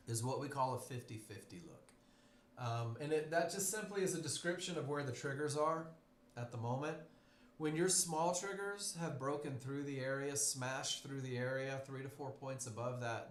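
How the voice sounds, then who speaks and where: A man teaching a live trading webinar. He speaks with emphasis, repeats his key phrases and calls his class "guys". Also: medium pitch. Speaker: trading instructor. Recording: echoey room, faint noise.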